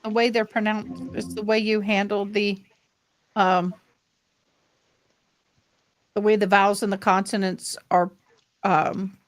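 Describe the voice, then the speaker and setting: A woman's voice: mid-range voice, level tone, slow pace, long pauses, dry recording. Chatty older woman hosting a livestream. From United States. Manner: chatty, talks to viewers and guest while showing clips. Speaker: livestream host. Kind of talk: casual live-stream chat.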